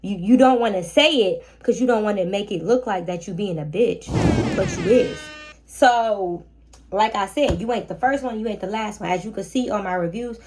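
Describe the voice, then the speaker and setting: A young woman hosting a casual storytime vlog about her rental guests, talking in a sassy, animated way with slangy asides to the viewer. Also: mid-range voice, normal speed, faint music behind. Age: young adult. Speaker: short-term rental host.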